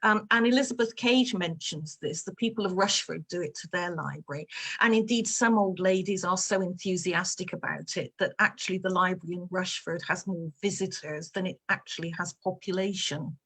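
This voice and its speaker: Husky chatty English author. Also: female voice, lowish voice, normal speed, fairly bright tone. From England. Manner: chatty, playful storytelling with many fillers. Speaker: author answering reader questions. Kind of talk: casual chat.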